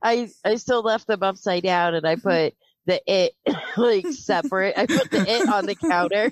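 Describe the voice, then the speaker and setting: A woman's voice: mid-range voice, lively intonation, moderate pace, a little hiss or hum. A woman chatting casually, giggling as she talks. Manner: giggly, laid-back. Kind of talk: casual chat.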